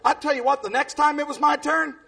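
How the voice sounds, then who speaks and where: A man preaching a storytelling sermon in a big booming voice, dropping in "amen" as he goes and breaking into shouts. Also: fairly even intonation, fast talker, creaky.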